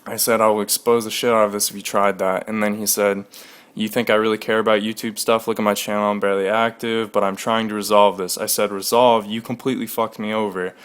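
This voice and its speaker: A young man with a slightly low, smooth and clear voice tells his audience about being wronged. He talks casually and quickly, with a steady aggrieved edge and plenty of swearing. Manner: aggrieved, recounting a dispute with frequent profanity. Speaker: gaming clan leader. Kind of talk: casual screen-recorded rant.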